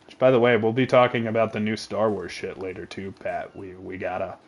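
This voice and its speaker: A man chatting casually on a livestream, excitable and joking, rambling from thought to thought at a desk mic. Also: fairly low pitch, fairly quick. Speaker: streamer.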